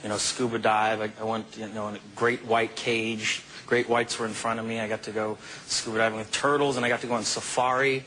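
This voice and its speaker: A male actor being interviewed who tells stories in a relaxed, animated way, often saying "you know" and "man.". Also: fairly low pitch, a little fast, slight background noise, rough recording. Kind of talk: casual interview storytelling.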